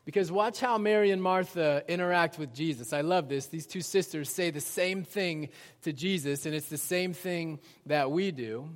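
A man preaching a sermon as pastor in a church auditorium. He swings between loud urgency and hushed intensity. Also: on the high side, normal speed. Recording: reverberant hall sound.

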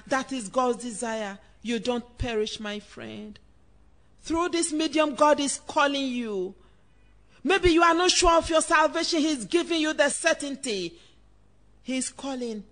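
A woman's voice: high voice, a little slow, a bit bright. A woman preacher, delivering a fervent sermon straight to the listener. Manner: fervent, direct address to the listener.

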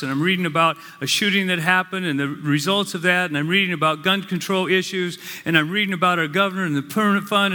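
A male pastor preaching a sermon, with slow, earnest, emphatic phrases. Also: sits high, sharp tone, clean tone. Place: church sanctuary. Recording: long reverb of a large hall.

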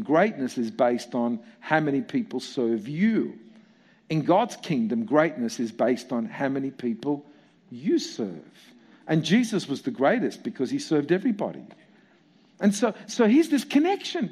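A man preaching a sermon in an animated way, full of rhetorical questions and repetition. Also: high-pitched, slightly rough. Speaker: pastor.

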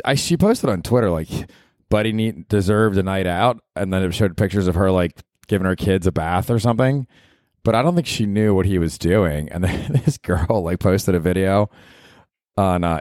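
Deep-voiced, self-mocking man in his 40s rambling through a profane solo podcast in a dry room. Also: darkish tone, no echo. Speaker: podcast host. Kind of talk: casual solo podcast monologue. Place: apartment.

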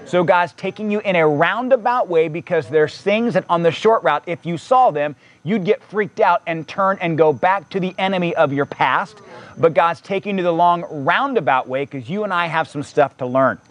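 A man's voice: high-pitched, normal speed. A man preaching a sermon in a conversational way, reading scripture aloud and adding casual asides. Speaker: pastor.

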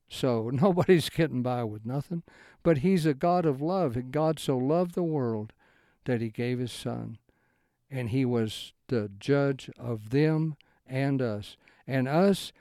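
A man teaches scripture in a loose, rambling way, breaking off sentences and restarting them, then pushing his pitch up for emphasis. His voice is warm and smooth. The sound is close and dry. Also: no room sound. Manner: swings into emphatic raised-pitch lines. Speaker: Bible teacher. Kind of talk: informal Bible study talk.

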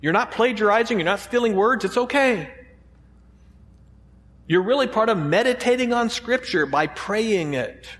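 A pastor with a high voice preaches to his congregation in a loose, conversational way, throwing out rhetorical questions as he goes. His voice rings with the long reverb of a church hall. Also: lively intonation, normal speed, fairly bright tone. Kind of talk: sermon.

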